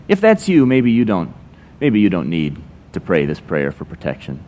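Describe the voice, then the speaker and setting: Animated pastor, ironic and conversational. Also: male voice, deep voice, moderate pace, a little hiss or hum. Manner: conversational, ironic storytelling with playful sarcasm. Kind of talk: sermon.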